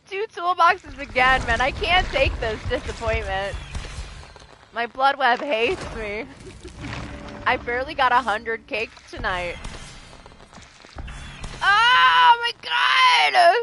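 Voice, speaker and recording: A woman's voice: on the high side, expressive, takes it slowly, pauses often, background noise. A woman livestreaming a video game, chatting casually, exasperated and often laughing and swearing. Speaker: streamer. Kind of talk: casual live game streaming.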